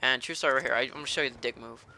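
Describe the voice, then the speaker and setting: Man, gameplay commentary, swearing nonstop, angry rant, sharp piercing tone, faint background noise. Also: mid-range voice, rapid-fire. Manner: profane, ranting, fired-up rage. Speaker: gaming commentator.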